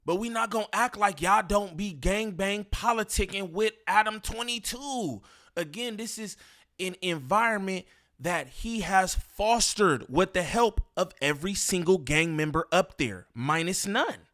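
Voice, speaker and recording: A man's voice: high voice, measured pace, fairly bright tone. A man giving casual reaction commentary, slangy and repetitive as he talks. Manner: casual, slangy, repeats himself.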